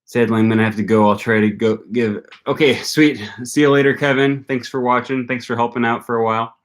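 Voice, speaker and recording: This language-learning channel host is a young Wisconsin man with a Wisconsin accent, musing aloud to viewers on a laid-back livestream with lots of ums and likes. He speaks briskly in a mid-range voice with fairly even intonation.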